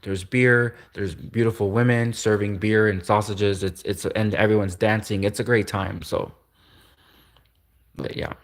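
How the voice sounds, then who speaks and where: Guy rambling on his livestream, lowish voice, keeps chuckling and tripping over words. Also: little pitch movement, measured pace. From Canada. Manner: chuckles often, stumbles and restarts. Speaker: livestream host. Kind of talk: rambling casual monologue.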